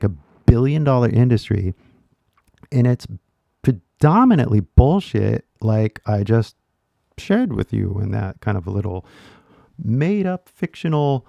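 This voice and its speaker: A man's voice: medium pitch, vocal fry, mellow, dry recording, dull audio. A man with an American accent, an English teacher giving casual commentary in a loose, filler-heavy way with switches into Japanese.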